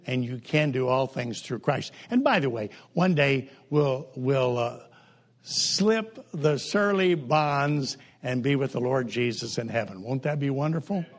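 An older man preaching a humorous sermon in a folksy, joking way, with sudden jumps in pitch and pace. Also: lively intonation, a little slow.

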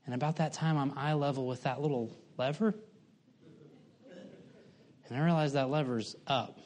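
A man's voice: medium pitch, normal speed, darkish tone, a little hiss or hum. A middle-aged man preaching, telling a folksy, self-mocking story with humor. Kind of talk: sermon.

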